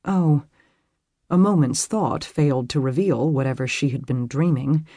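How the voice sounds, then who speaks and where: An audiobook narrator reading a romance novel in an expressive, lively storytelling manner. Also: medium pitch, moderate pace, slightly rough, no echo, clean studio sound.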